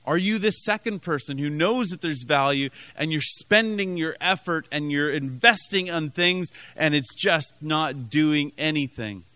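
Canadian pastor guy preaching, high clear voice, keeps restarting and repeating words. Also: measured pace, hardly any pauses, sharp tone, dry recording. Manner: storytelling, frequent restarts, emphatic repetition. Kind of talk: sermon.

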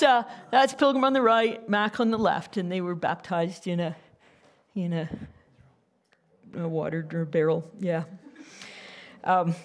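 Woman missionary telling stories at church. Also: mid-range voice. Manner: lively, conversational, with restarts. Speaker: missionary speaking to her church. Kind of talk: storytelling church talk.

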